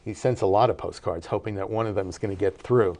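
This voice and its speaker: An older man telling a family story in a relaxed interview, with many fillers and restarts. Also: on the low side, fast talker. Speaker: interview guest, cinematography professor.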